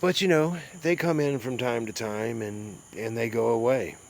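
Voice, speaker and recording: A man's voice: medium pitch, moderate pace, vocal fry, darkish tone, a little hiss or hum. A man from the American South with a Southern accent, rambling in a folksy way while chatting with his live-stream viewers. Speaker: livestream host. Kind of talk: casual live-stream chat.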